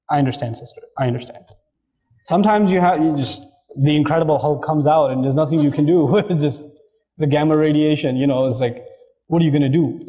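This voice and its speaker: Male preacher, fairly high, mellow voice, lively, acts out scenes with his audience. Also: low-quality recording. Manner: lively, acts out family dialogues. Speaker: Islamic speaker. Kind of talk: religious talk on parenting.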